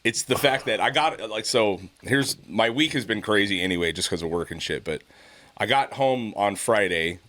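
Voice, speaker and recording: Man, middle-aged, podcast host, casual profane storytelling, fairly low voice. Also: normal speed. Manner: profane, storytelling, animated when quoting others. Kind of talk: casual chat.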